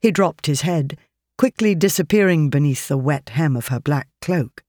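Audiobook narrator, mid-pitched, steady, dry close recording. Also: normal speed, no echo. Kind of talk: scripted narration.

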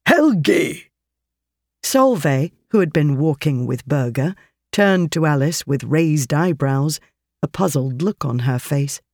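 Audiobook narrator, mid-pitched, steady, dry close recording. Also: measured pace, no room sound. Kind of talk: scripted narration.

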